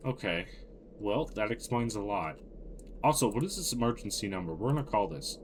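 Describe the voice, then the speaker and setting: A man's voice: on the low side, lively intonation, a little fast, slight background noise. A man playing a horror game, reading its on-screen text aloud and reacting with sudden startled outbursts. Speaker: gaming video creator. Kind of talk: let's play commentary.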